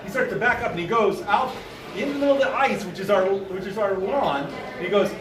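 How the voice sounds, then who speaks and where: A man in his fifties telling a comic personal story at a live event, animated and full of sound effects. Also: high voice, fairly quick, muffled recording, a little hiss or hum. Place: bar event space. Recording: roomy live sound from far off.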